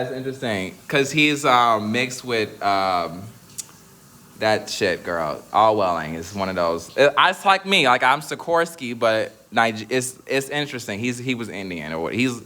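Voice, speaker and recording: A young man chatting casually to his viewers, sassy and slangy, breaking into laughs and high squeals. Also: sing-song, moderate pace, bright, forceful tone. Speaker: vlogger.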